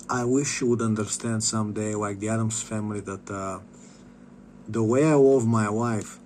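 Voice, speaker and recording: A man's voice: fairly low pitch, darkish tone, a little hiss or hum. Rambling, stammering man in a vlog. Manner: rambling, profane, stammering restarts. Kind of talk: casual vlog monologue.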